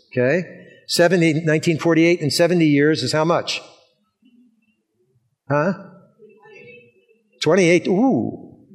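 A man preaching a sermon, repeating key words for emphasis and putting questions to his congregation. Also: on the high side.

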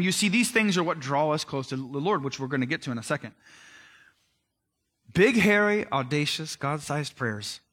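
A man delivering a casual, conversational sermon as a pastor, speaking to his listeners directly and informally. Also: a little high. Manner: conversational, animated, addresses listeners as guys and man.

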